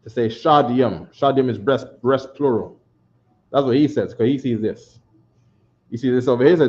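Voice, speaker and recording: A man with a New York accent teaches a classroom lecture loosely and conversationally, repeating himself and often checking with "right?". His voice is medium-pitched and darkish at a normal speed, recorded in an echoey room with dull lo-fi sound.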